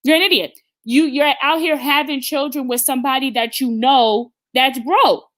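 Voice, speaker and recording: Woman host, fairly high and tense voice, blunt opinion talk, lots of restarts. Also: fairly even intonation, moderate pace, a bit bright. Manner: emphatic and blunt, with frequent stammered restarts. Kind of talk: opinionated live-stream talk.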